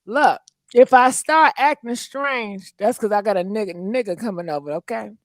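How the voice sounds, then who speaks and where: A woman hosting a call-in talk show, loud, profane and sassy, laughing often. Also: medium pitch, normal speed, no room sound, studio quality. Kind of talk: casual call-in chat.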